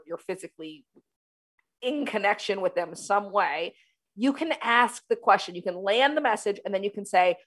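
A woman hosting a leadership talk show, coaching listeners in an emphatic, energetic way and repeating her key phrases. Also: mid-range voice. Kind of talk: solo talk show monologue.

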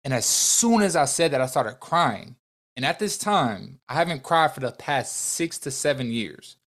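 A man's voice: mid-range voice, expressive, normal speed, fairly bright tone. Young male podcast guest, earnest and emotional storyteller, mid-range voice. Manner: earnest, emotional storytelling with many restarts and quoted dialogue. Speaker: podcast guest, business owner.

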